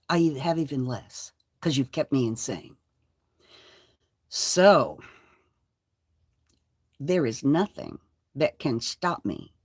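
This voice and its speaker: An older woman hosting her own channel, delivering a defiant, profane rant to the camera. She moves between low mutters and loud, heated outbursts. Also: no echo, studio quality. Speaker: channel host. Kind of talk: angry livestream rant.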